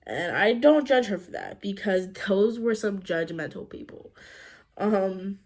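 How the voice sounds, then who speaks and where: Chatty animated teen girl vlogger. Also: mid-range voice, measured pace. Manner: animated, chatty, lots of "like" and laughs. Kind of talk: storytime vlog.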